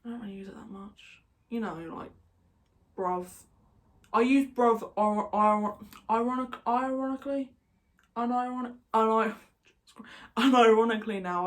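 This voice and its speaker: A young woman with an English accent chatting casually to camera in a vlog. She rambles and keeps going off on tangents. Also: mid-range voice. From England. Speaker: YouTuber.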